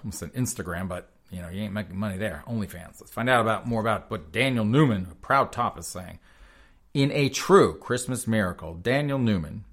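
A man with a fairly low, fairly bright voice hosts a sarcastic news commentary show. He rambles and chuckles, calling his audience "folks."

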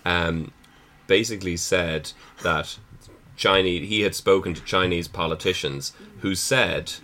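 A man's voice: low voice, a little slow, pushed and bright. A man with an Irish accent in casual chat, wry and outspoken. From Ireland.

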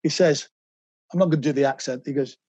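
A man, a podcast guest telling animated anecdotes and slipping into quoted voices. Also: mid-range voice, quick pace, husky, dry recording, muffled recording. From England. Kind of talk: anecdotal interview storytelling.

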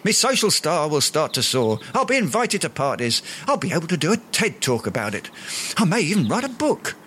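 A man's voice: on the high side, sing-song, brisk, fairly bright tone, slight background noise. An actor playing a pompous, self-important Englishman in a radio sitcom, speaking in flowery words. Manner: grandiloquent, long-winded, flowery words.

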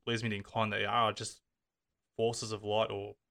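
A man's voice: on the low side, little pitch movement, normal speed, gravelly, sharp tone. A man hosting a casual interview, musing aloud with trailing restarts.

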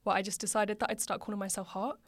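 Fast-talking woman guest. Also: mid-range voice. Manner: animated storyteller, acts out imagined dialogue, swears. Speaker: podcast guest. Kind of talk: casual chat.

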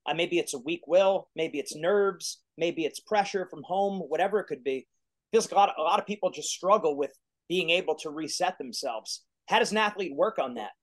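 A male podcast host with a notably high voice. He asks his guest thoughtful questions and agrees warmly with his answers. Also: moderate pace. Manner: thoughtful, affirming interviewer. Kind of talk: interview questions.

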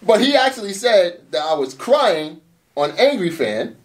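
Animated man swearing through a story. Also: high-pitched, a little slow, recorded from a distance. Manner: animated storytelling, frequent swearing and "you know what I'm saying". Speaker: battle rap league owner. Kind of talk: casual interview talk.

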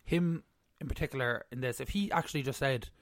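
A man's voice: medium pitch, a little fast, dry recording, studio quality. A man co-hosting a podcast, chatting casually and jokily about a reality show, opinionated and casually swearing. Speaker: podcast co-host.

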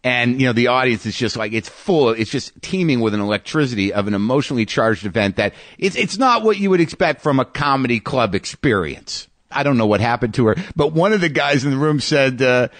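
A male comedian hosting his podcast tells a story at a reflective pace, stumbling over restarts and repeated words as he hunts for the right phrase. His voice sits at an ordinary middle pitch. The sound is dry, with no room echo. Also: animated, a little fast, hardly any pauses, fairly bright tone. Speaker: podcast host and stand-up comedian. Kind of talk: storytelling monologue.

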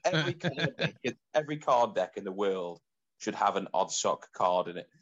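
A man's voice: lowish voice, sing-song, moderate pace, muffled recording. A man co-hosting a podcast, joining the casual chat with playful asides.

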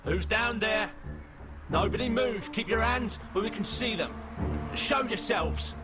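A man voicing a rookie male robot police officer who barks orders in a high, urgent voice. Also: a little slow, music in the background. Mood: urgent shouting. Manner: high, urgent barked commands.

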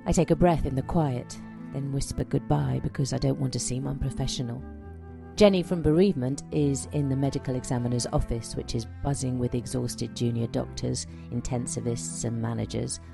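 Scripted documentary narration, doctor, quiet, measured, mid-pitched voice. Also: steady tone, gravelly, over music.

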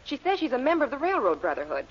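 A woman's voice: high voice, huge pitch swings, very fast, breathy edge, exaggerated voice. A woman playing a polite, fretful secretary in 1940s radio comedy acting. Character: fussy, worried female secretary. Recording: dull 1940s radio broadcast, hiss.

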